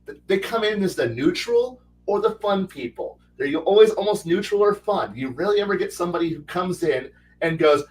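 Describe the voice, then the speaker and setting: A man's voice: sits high, lively intonation, brisk, hardly any pauses, far from the mic, low-quality recording. A man who is a guest on a casual panel chat about tabletop gaming, rambling animatedly with many restarts.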